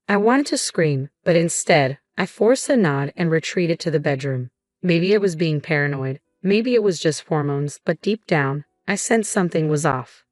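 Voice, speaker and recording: A woman reading a scripted first-person story in an even, measured way. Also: low-pitched, no echo, clean studio sound. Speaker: narrator.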